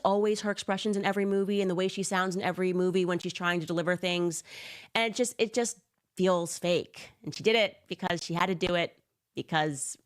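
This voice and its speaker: Woman host, mocking commentary, casual delivery, lower register. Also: a little fast. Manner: sarcastic, casual, filler-heavy.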